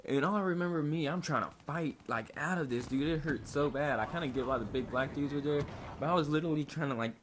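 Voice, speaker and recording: A man's voice: fairly high pitch, fast talker, few pauses. A young man telling a story to his viewers in a rambling, profane, laid-back way. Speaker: vlogger. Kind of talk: casual storytelling to camera. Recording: noisy home recording.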